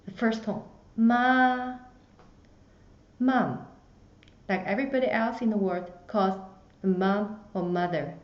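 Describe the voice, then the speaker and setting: A woman teaching a beginner lesson, slowly demonstrating each tone with exaggerated pitch. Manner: slow, careful, exaggerated tone demonstrations. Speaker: Chinese language teacher. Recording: roomy, slightly dull recording.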